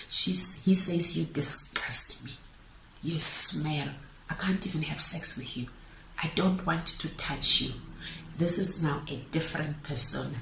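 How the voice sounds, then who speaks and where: A woman's voice: fairly low pitch, vocal fry, far from the mic. A woman giving an earnest, emphatic storytelling talk as a motivational speaker, her voice sometimes dropping to a near-whisper. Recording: roomy echo, voice from off the mic, faint hiss.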